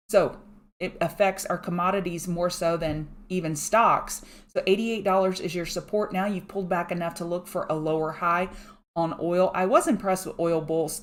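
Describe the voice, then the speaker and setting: Casting: woman, lowish voice, quick and chatty, livestream chart commentary. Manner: fast-talking, chatty, thanks viewers by name. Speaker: market analyst host. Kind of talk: live trading chart commentary. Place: home room.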